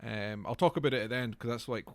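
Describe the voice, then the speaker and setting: A Scottish man co-hosting a podcast, talking casually with a lively manner. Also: mid-range voice, fast talker, no echo. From Scotland. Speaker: podcast co-host. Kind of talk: casual chat.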